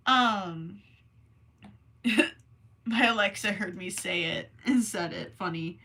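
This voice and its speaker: A young woman hosting a crochet livestream, chatting casually and reading messages from the chat in a rambling, self-deprecating way. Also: mid-range voice. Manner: slow, rambling and self-deprecating, with soft asides.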